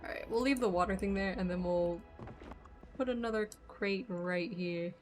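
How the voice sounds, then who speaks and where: Woman streamer, mid pitch, relaxed rambling gameplay chat, voice slightly worn, soft music behind. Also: normal speed. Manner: chatty, thinking aloud, trailing off with fillers. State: losing her voice. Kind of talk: casual gameplay commentary.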